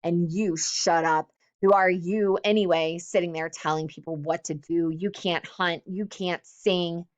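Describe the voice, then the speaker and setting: A woman voicing an aggressive, defiant boy who leads the hunters, speaking in a jeering, shouting way. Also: on the low side, fairly even intonation, unhurried, lightly acted. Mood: contemptuous.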